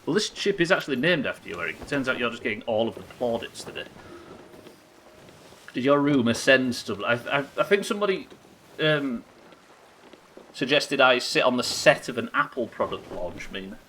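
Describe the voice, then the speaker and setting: A man's voice: medium pitch, sing-song, normal speed, pushed and bright, a little hiss or hum, rough recording. A young man streaming a game live, teasing his chat with sarcastic, sweary banter. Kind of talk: live gameplay commentary and chat reading.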